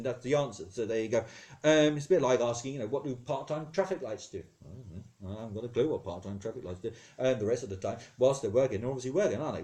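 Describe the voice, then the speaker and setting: A man's voice: medium pitch, darkish tone. A man with a posh British accent hosting a comedy show as God, chatty and easily sidetracked, rambling and interrupting himself. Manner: rambling, digressive, self-interrupting. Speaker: comedy podcast host. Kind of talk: comedic character monologue answering listener questions.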